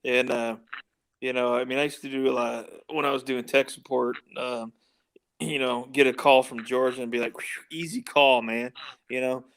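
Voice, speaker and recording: A man's voice: medium pitch, level tone, moderate pace, fairly bright tone. A man from the United States hosting a casual podcast chat, rambling and laughing often. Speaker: show host.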